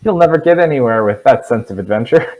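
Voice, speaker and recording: A man voicing a wry male adventurer who lost an arm, with a dry, teasing, drawn-out delivery. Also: mid-range voice, lively intonation, darkish tone, dull audio, pitched above the performer's own voice, natural voice.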